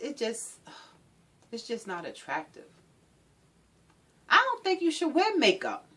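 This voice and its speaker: A controlling abusive man, his voice pitched high and pushed loud, presses and repeats himself, sweet one moment and menacing the next, as a woman plays him. The voice jumps around a lot in pitch. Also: heavily acted. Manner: pleading then shouting, repetitive. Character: controlling abusive male partner, sweet-talking then menacing.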